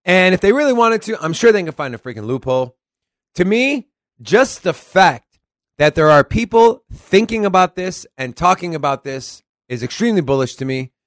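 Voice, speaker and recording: A man's voice: high-pitched, animated, normal speed, no echo, studio quality. A man from Texas with a Southern accent, co-hosting a casual crypto podcast, reading articles aloud and swearing casually. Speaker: podcast co-host.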